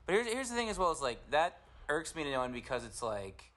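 A man's voice: a little high, very animated, quick pace, a bit bright. A man co-hosting a comedy podcast, talking emphatically and repeating himself when irked. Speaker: podcast co-host. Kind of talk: casual comedic chat.

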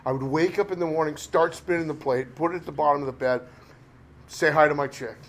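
A man's voice: on the high side, fairly quick, gravelly. A middle-aged man telling a candid recovery story in a rambling, self-deprecating way, full of "you know". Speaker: recovery speaker. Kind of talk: candid personal recovery talk.

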